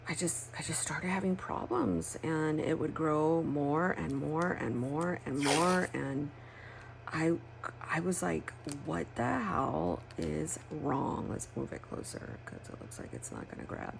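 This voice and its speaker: A woman's voice: low-pitched, unhurried, gravelly, slight background noise. A woman, chatting candidly while crafting, rambling and swearing freely. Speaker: planner crafting vlogger. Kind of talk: casual chat while crafting.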